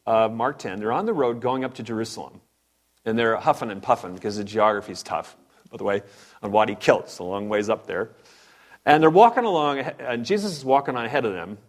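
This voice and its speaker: A man delivering a sermon with lots of energy and a lively, swinging pitch. He talks fast in bursts, checks in with his listeners and slips in jokes between points. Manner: animated, fired-up preaching with asides and humor. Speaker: preacher.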